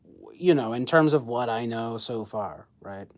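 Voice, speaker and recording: A man's voice: medium pitch, a little slow. Rambling young man chatting on a stream. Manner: rambling, filler-heavy, laughs at his own jokes. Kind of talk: casual livestream chat. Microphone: phone.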